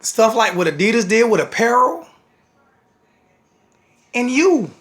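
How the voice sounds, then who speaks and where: A man's voice: very high voice, big pitch swings, a little slow, a bit bright. A man with a blunt, scolding manner, ranting to the camera as a sports fan vlogger.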